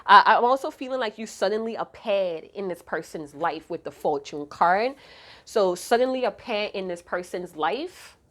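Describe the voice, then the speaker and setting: A woman giving a casual tarot reading to her viewers, chatty and profane with lots of slang, her voice a little hoarse. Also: mid-range voice, expressive, normal speed. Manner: chatty, slangy and profane, hums song snippets. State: slightly hoarse, losing her voice. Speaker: tarot card reader.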